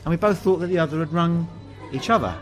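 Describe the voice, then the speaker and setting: A man's voice: fairly high pitch, quick pace, faint music behind, poor audio. A man from England hosting a pub podcast, telling funny anecdotes and acting out the dialogue. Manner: animated anecdotes, acts out dialogue. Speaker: host. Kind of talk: pub chat storytelling.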